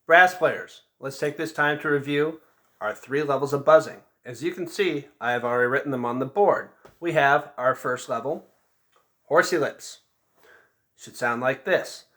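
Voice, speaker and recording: A man speaking at normal speed, his medium-pitched voice pushed and bright, gives an instrument lesson demonstration for beginning band students. He goes patiently through each step and keeps asking "okay?" to check in.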